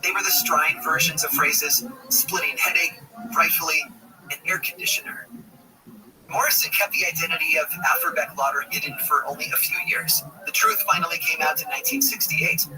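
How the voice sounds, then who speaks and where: A man narrating a scripted story in a playful, expressive way. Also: a little high, moderate pace. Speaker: podcast narrator. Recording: distant broadcast sound with music underneath. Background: music.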